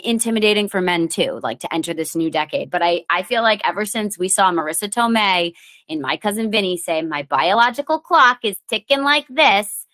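A thirty-year-old woman and comedian hosting her podcast, chatting casually with a rambling, self-mocking manner and sudden animated bursts. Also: lowish voice. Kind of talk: casual solo chat. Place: lives in New York.

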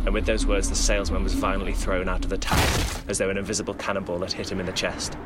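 A man's voice: low-pitched, little pitch movement, quick pace, hardly any pauses, a bit bright, slight background noise. A man telling a spooky holiday story with dramatic, rhythmic narration. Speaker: podcast storyteller.

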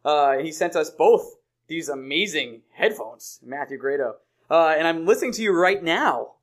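Higher-pitched joking podcast co-host man. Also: expressive, moderate pace. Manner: laughing, joking banter. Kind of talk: casual chat.

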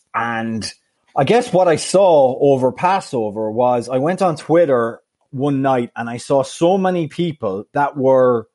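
A man in casual podcast chat, thoughtful and reflective, quick with a gentle tease. His voice sits slightly higher than most men's. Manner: reflective, teasing. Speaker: podcast co-host.

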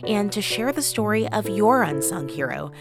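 A woman hosting a news radio show, reading a scripted introduction in an even, clear way. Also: mid-range voice, normal speed. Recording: dry studio, faint music.

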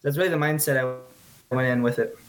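Earnest young male guest. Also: medium pitch. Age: young adult. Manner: earnest, halting, repeats words. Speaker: guest, rugby player. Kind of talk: casual interview.

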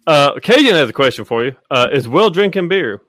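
A man's voice: fairly high pitch, very animated, a little fast, a bit bright, no echo, clean studio sound. A man hosting a casual podcast chat, rambling with lots of fillers and swearing. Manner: rambling, profane, full of fillers. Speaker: podcast host.

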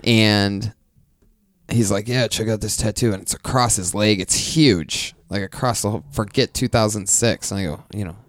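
A man's voice: on the low side, normal speed, no room sound, studio quality. A man co-hosting a podcast, teasing and chuckling in casual comedic banter. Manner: playful teasing, chuckles between lines.

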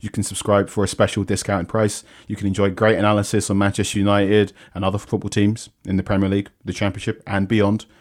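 A man's voice: lowish voice, completely flat delivery, quick pace, few pauses, darkish tone. A young man hosting a football podcast, chatting casually and reading promotions in an upbeat way. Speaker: podcast host.

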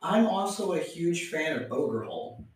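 A man, co-hosting a casual podcast with dry, deadpan quips. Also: a little high, normal speed. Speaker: podcast co-host. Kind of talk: casual chat. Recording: very echoey, far from mic.

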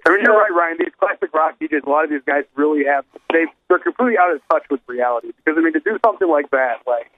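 A man giving quick, emphatic opinions on a comedy podcast. His high voice is bright and lively in its pitch. The sound is dry. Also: no room sound, phone-quality sound. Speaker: podcast co-host. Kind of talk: casual comedic chat.

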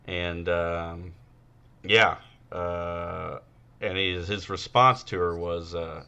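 A man's voice: sits low, steady tone, very slow, sharp tone, clear, resonant tone, lo-fi sound. A man co-hosting a podcast, chatting crudely and rambling with many fillers. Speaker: podcast co-host. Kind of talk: casual comedic chat.

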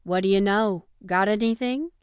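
Blunt, impassive young woman, voiced by the narrator, smooth and dry. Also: mid-range voice, normal speed, dry recording, lightly acted.

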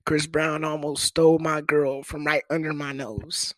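A young man telling a comic story in casual, profane talk, with sudden jumps to high pitch for quoted people. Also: level tone, measured pace, no room sound.

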